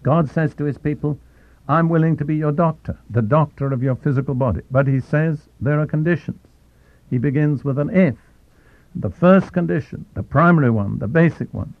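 A man giving a sermon as a Bible teacher, deliberate and slowing down to stress key phrases. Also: on the high side, no echo. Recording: tinny phone-like, dry.

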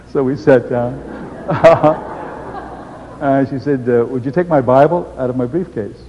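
An older man giving a personal testimony, telling his story in an unhurried way and chuckling often. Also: mid-range voice. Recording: dull echoey hall recording.

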